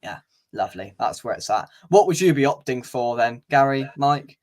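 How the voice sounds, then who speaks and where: A man's voice: mid-range voice, lively intonation, normal speed, a little mellow. A young man hosting a football fan channel's match preview, chatting casually and wryly with plenty of filler words. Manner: chatty, wry, lots of "uh" fillers.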